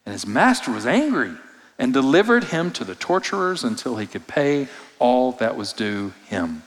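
A pastor preaches a sermon expressively at a moderate pace, swinging between loud emphasis and hushed, low passages. The recording carries the long reverb of a large hall.

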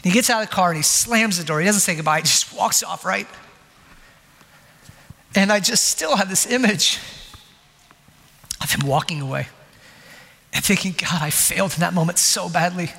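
A man's voice: high-pitched, expressive, normal speed, vocal fry, long pauses, pushed and bright. A man in his forties preaching a sermon, telling a story with self-mocking humor. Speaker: pastor. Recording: long hall reverb.

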